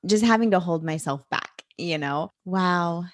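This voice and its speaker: A woman's voice: on the low side, a little slow, no echo, clean studio sound. A woman hosting a casual podcast interview, supportive and affirming as she listens and asks questions. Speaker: podcast host.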